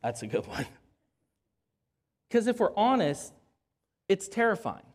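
A pastor preaching a sermon in an earnest way, addressing the audience as friends and repeating key phrases slowly for emphasis. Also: mid-range voice.

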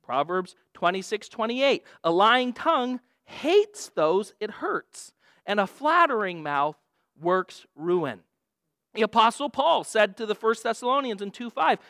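A woman's voice: mid-range voice, very animated, unhurried, a bit bright, no room sound, clean studio sound. A woman preaching a sermon, earnest and emphatic, often quoting scripture.

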